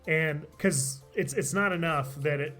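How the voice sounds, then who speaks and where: A man's voice: fairly high pitch, unhurried, pushed and bright, soft background music. A man streaming a game live, chatting casually and laughing often, his voice tired from talking all day. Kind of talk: live gameplay commentary.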